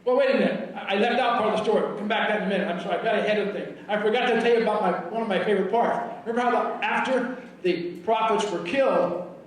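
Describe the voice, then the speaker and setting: A man preaching a sermon as pastor, telling a Bible story with animated, often shouted quotes. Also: high voice, racing, a little hiss or hum. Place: church sanctuary. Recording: very echoey hall, mic from far off.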